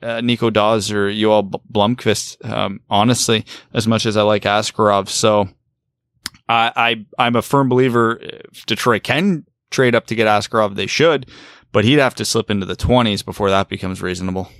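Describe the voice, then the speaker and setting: A man's voice: lowish voice, steady tone, moderate pace, a bit bright, no echo. Dry-sounding man breaking down hockey talk. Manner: analytical, talks through rhetorical questions. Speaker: podcast co-host. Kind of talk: casual sports podcast chat.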